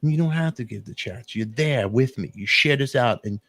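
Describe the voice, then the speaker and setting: A man hosting a talk show, telling an emotional story in a rambling, animated way with sudden jumps in pitch. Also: normal speed, dry recording. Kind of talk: emotional casual monologue.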